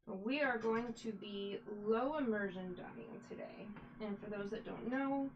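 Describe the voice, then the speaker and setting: A woman's voice: mid-range voice, highs cut off, slight background noise. A woman hosting a casual live stream from home, chatting and greeting viewers by name while she dyes yarn. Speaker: livestream host dyeing yarn.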